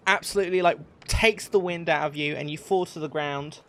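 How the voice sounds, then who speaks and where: Describing the scene for his pirate-themed tabletop players, a dungeon master talks fairly quickly in a fairly high, a bit bright voice. Fillers such as "um" and "like" crowd his hesitant narration, and there's slight background noise.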